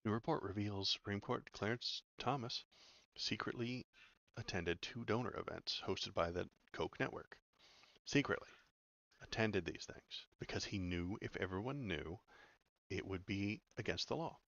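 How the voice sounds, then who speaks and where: A man with a very low, gravelly voice talks through the news in a sarcastic, rambling way, full of hesitations. The sound is dry and a little dull, like a lo-fi home mic. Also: normal speed, fairly bright tone, no echo. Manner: sarcastic, rambling, many "uh" fillers. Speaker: political commentary streamer. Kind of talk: casual commentary reading news aloud.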